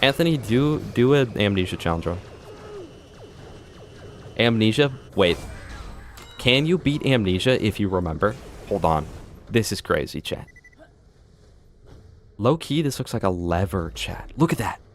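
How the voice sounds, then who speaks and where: Lively, joking male game streamer. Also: on the low side, unhurried, pauses often, slight background noise. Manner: joking, rambling, breaks into silly voices. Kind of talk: live gameplay chat.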